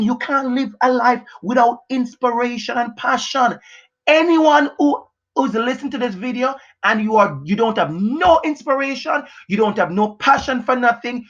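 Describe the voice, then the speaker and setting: A man giving an unscripted motivational talk from his house, emphatic and repetitive, pushing hard and sometimes shouting. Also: high voice, lively intonation, normal speed, breathy edge, lo-fi sound. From Jamaica. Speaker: motivational educator. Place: house, indoors.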